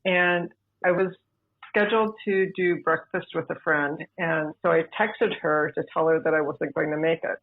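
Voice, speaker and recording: A woman, a podcast guest, telling her own story in a measured, deliberate way over a remote line. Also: low-pitched, steady tone. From United States. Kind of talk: personal storytelling. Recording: tinny phone-like remote line.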